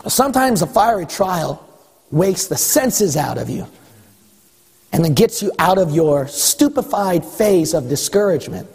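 A male pastor preaching a sermon in a church, emphatic and repetitive, rising at times to a shout. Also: high voice, very animated, unhurried, creaky, breathy edge. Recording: long hall reverb.

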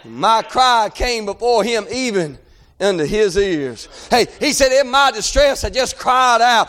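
A man preaching a fiery revival sermon, chanting and crying out in rising, shouted bursts. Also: high voice, expressive, unhurried.

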